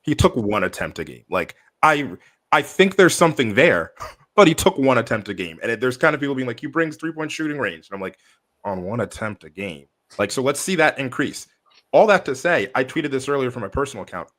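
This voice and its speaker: A man's voice: medium pitch, very animated, brisk, a bit bright. A young man co-hosting a casual basketball podcast, rambling with lots of fillers and restarts. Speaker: podcast co-host. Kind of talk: casual sports podcast chat.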